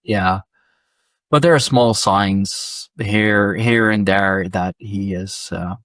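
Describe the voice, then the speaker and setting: A man hosting a podcast, speaking in a hesitant, casual way with frequent pauses. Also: fairly low pitch, no echo, clean studio sound. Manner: hesitant, many fillers and restarts, soft-spoken replies. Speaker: podcast host. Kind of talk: casual interview chat.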